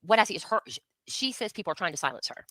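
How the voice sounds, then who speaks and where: A woman's voice: mid-range voice, sing-song, very fast, a bit bright, no room sound. A woman in a livestream talk, blunt and combative, pressing her points hard. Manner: blunt, combative, repeated challenges. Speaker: livestream co-host. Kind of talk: heated casual commentary.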